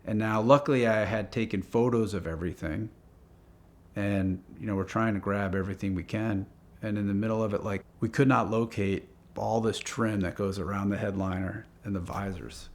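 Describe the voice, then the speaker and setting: A man telling a casual story about a car project, acting out the phone calls in quick quoted lines. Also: lowish voice, fairly even intonation, darkish tone.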